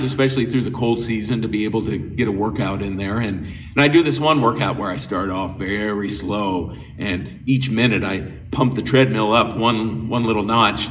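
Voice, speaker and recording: A man's voice: mid-range voice, a bit bright. Guy preaching a sermon, talky and earnest, kinda far from the mic, dull lo-fi sound with faint hiss. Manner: earnest, conversational, with frequent restarts. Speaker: pastor.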